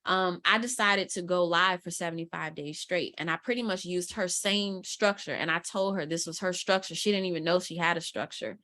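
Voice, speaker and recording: A woman who works as a content strategist appears as a guest mentor, telling a story in casual interview talk. She's an animated storyteller who acts out quotes, speaking fairly quickly in a fairly low voice with few pauses.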